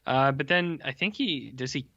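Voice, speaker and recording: A man with a bright, forceful tone co-hosts a casual film podcast and recaps the plot with wry, deadpan asides. The recording is dry and a bit dull, with no room sound. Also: mid-range voice, moderate pace, no room sound. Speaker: podcast co-host. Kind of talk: casual film-review chat.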